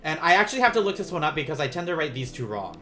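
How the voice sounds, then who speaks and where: A man teaching beginner Japanese in a casual livestream, rambling and self-amused, softly counting out strokes as he writes. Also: a little high, big pitch swings, racing, a little hiss or hum.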